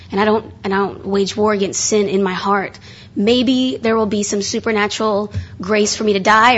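A woman's voice: medium pitch, breathy edge. A young woman preaching at a conference session in a casual, chatty way, with many fillers and restarts. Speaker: conference speaker. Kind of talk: sermon. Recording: muffled lo-fi live recording.

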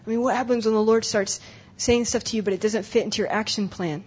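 A woman's voice: medium pitch, fairly even intonation, quick pace, a little mellow, husky. A young adult woman speaking at a conference breakout session, earnest and emotional, often repeating herself. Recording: dull lo-fi live recording.

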